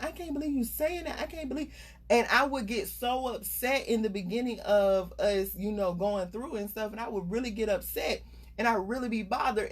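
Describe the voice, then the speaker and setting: A middle-aged woman coach giving casual, emphatic motivational talk about staying unbothered. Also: mid-range voice. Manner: earnest, conversational, emphatic. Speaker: life coach.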